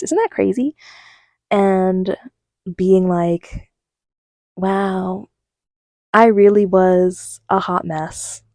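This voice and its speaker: A young woman chats through a casual vlog life update, telling stories with many fillers and little acted quotes. Her tone is soft and mellow. The sound is dry and close, with no room echo. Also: medium pitch. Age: young adult. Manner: animated storytelling, many fillers, quotes herself. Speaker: vlogger.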